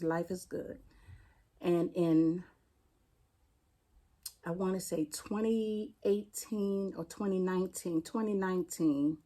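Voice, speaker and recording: Mellow-voiced D.C. woman recounting her loss. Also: lowish voice. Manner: plainspoken, halting, retelling a painful loss. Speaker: interview guest, firefighter. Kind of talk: personal storytelling in an interview.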